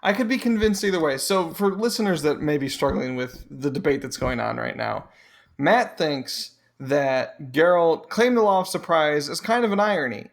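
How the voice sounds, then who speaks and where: A man's voice: a little high, expressive, moderate pace, creaky. A man co-hosting a casual book-discussion podcast, jumping in with questions and summing up the debate for listeners. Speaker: podcast co-host.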